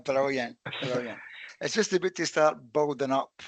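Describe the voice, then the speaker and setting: A man's voice: fairly high pitch, sing-song, slow pace, crowd noise. A man co-hosting a podcast, playful and steering the conversation. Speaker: podcast co-host. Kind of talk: casual podcast chat.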